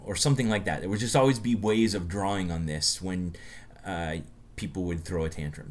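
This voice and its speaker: A man from the United States with a very low voice, co-hosting a relaxed podcast chat. He tells stories in a loose, chatty way, often stopping and restarting his sentences. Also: fairly quick. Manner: chatty storyteller, many restarts. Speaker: podcast co-host. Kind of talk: casual chat.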